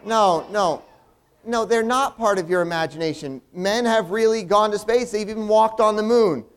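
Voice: medium pitch, moderate pace, clean tone. A performer playing the earnest straight man in a comedy routine, patiently explaining things with stammering restarts.

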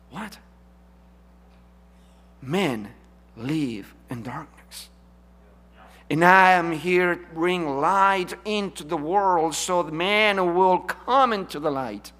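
A man preaching a sermon, emphatic, swinging from loud declarations to hushed asides. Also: high-pitched.

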